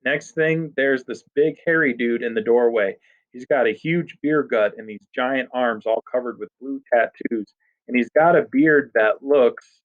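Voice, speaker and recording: A man narrating a story in a casual first-person voice. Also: medium pitch. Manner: casual teenage-boy first-person telling. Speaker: audiobook narrator. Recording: dull lo-fi recording.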